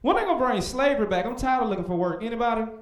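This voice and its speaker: Animated young comedian, high and lively. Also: male voice, rapid-fire. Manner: animated, with loud shouted voices for punchlines. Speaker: stand-up comedian. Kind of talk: stand-up comedy set. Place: comedy club stage. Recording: echoey club stage.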